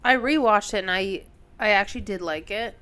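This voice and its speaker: Young woman co-host, excitable and jokey, casual podcast chat. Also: medium pitch, fairly quick. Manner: enthusiastic, jokey, trails off mid-sentence.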